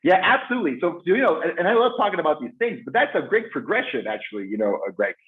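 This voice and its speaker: Fast-talking passionate man on a call. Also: on the high side, big pitch swings. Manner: rapid, passionate, repeats words and restarts. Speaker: guest expert on phone sales teams. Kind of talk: fast enthusiastic webinar talk. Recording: tinny phone-like call audio.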